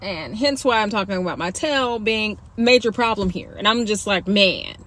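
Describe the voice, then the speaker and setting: A young woman telling her own story in a candid, animated, slangy way, speaking casually to camera. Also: mid-range voice, moderate pace. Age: young adult.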